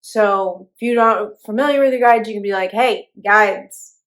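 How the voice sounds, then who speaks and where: A woman's voice: a little high, a little fast. Chatty woman teaching a spiritual class. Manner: relaxed, chatty, many fillers and restarts. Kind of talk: casual spoken class.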